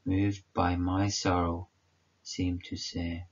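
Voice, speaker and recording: A man's voice: deep voice, little pitch movement, takes it slowly. A man giving a solemn, prayerful devotional meditation reading. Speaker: devotional reader. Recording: dull lo-fi recording.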